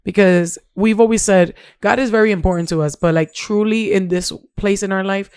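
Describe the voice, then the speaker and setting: A woman co-hosting a podcast, chatting loosely and often restarting her sentences. Her voice is smooth and clear. The recording is dry and close. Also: medium pitch, fairly even intonation, a little fast, a little mellow, no room sound. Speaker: podcast co-host. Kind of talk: casual chat.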